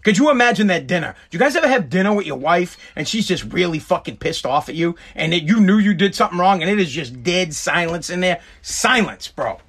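A man's voice: high-pitched, animated, brisk, hardly any pauses, a bit bright, husky. A man with a Massachusetts accent hosting a show, ranting bluntly and with lots of profanity in casual commentary. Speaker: podcast host.

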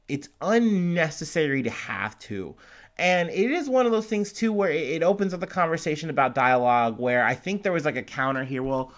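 A man giving a casual commentary on a story, rambling with lots of fillers and restarts. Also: on the high side. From United States. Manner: rambling, filler-heavy, animated retelling.

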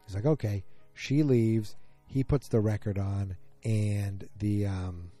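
A man with a lowish, mellow voice retells a TV episode in casual chat. He rambles, trails off and restarts often, with faint music somewhere behind him. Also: steady tone, slow pace. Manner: rambling, many fillers and restarts.

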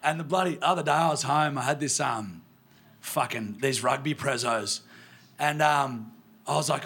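A man's voice: medium pitch, normal speed, pushed and bright, a little hiss or hum. A young man from the New South Wales countryside with an Australian accent, a podcast guest telling chatty, sweary stories live. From Australia, rural New South Wales. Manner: chatty, swears often, acts out others in anecdotes. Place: brewery venue, live audience.

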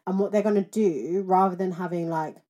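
A woman's voice: fairly low pitch, steady tone, brisk, dark tone. A young woman, co-hosting a podcast in casual chat, swearing freely and using slang. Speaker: podcast co-host.

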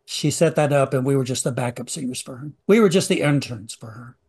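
A man's voice: mid-range voice, fairly quick, vocal fry, darkish tone, slightly rough. A man hosting a podcast, chatting casually and joking as he introduces old radio clips. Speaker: podcast host. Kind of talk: casual recap chat.

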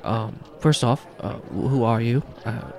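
A man voicing a brash bartender in his early thirties, with a gruff, cheeky manner. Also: mid-range voice, measured pace, a little mellow.

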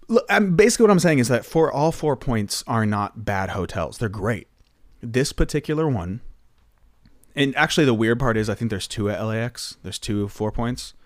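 A man's voice: mid-range voice, no room sound. Male singer guest, chatty filler-heavy storyteller, close dry mic. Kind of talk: casual anecdote telling.

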